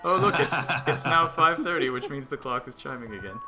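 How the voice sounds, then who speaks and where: A man's voice: mid-range voice, lively intonation, brisk. Chatty man commentating a game, laughing. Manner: chatty and amused, laughs often. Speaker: streamer playing the game. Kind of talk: casual commentary over gameplay. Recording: game audio and music behind voice.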